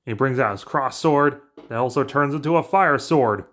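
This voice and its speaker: A man with a mid-range voice talking through a story recap. His telling is casual, brisk and offhand, like someone chatting ideas to viewers. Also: medium pitch, fairly bright tone. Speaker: narrator pitching story ideas. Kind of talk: casual plot recap narration.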